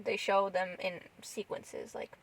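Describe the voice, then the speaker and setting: A woman's voice: mid-range voice, wildly swooping pitch, unhurried, vocal fry, poor audio. A woman co-hosting a podcast, chatting casually and rambling with lots of restarts and fillers. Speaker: podcast co-host. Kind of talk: casual chat.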